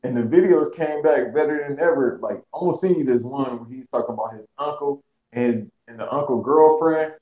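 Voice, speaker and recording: A man chatting as a podcast guest, firing off quick slangy jokes. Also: medium pitch. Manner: quick joking comebacks, slangy. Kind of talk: casual podcast banter. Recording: roomy, dull lo-fi sound.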